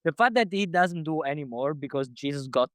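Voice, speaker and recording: Guy hosting, smooth clear voice, dry close mic, lots of restarts. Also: fairly high pitch, lively intonation, fairly bright tone, dry recording. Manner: halting, many restarts and fillers. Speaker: podcast host. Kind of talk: conversational interview.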